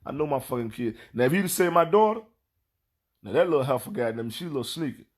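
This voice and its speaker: Animated profane man telling a story. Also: medium pitch, quick pace. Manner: animated, profane, repeats himself, acts out quotes. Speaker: father telling stories. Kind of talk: casual storytelling rant.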